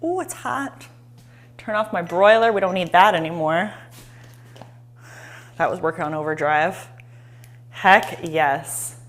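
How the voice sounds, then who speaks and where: A woman hosting a live-streamed cooking demo in a home kitchen, chatty and excitable, talking straight to her viewers. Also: lowish voice, a little slow, pauses often. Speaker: cooking show host.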